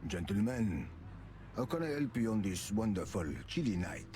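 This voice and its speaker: Game bull bouncer: low, courteous, lilt, swings in pitch. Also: male voice, sing-song, normal speed, a little hiss or hum. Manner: formal, courteous, calls everyone gentlemen or sir. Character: towering polite bull bouncer at a club door. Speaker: game character.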